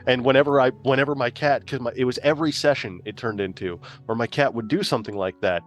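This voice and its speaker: A man in an ordinary middle pitch tells a loose, profane story about a game night. He rambles, restarts and laughs as he goes, and faint music plays quietly in the background. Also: fast. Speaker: player. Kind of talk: casual chat.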